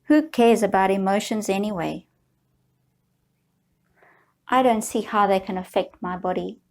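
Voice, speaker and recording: A woman guiding viewers through a slow, soothing tapping session, leading them in repeated affirmations. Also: medium pitch, a little mellow. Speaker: EFT tapping guide.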